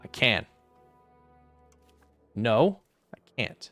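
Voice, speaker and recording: A man's voice: medium pitch, very animated, extremely slow, fairly bright tone, soft background music. A young man streaming a strategy game, casually thinking aloud through his moves and muttering calculations, now and then flaring into exasperated rants. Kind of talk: casual gameplay commentary.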